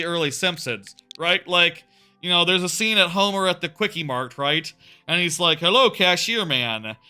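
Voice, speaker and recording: Man in his thirties, slightly high voice, live-stream chat, filler-heavy, rambling. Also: bright, forceful tone, clean tone. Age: 30s. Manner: rambling, many fillers and restarts. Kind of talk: casual live-stream chat while playing.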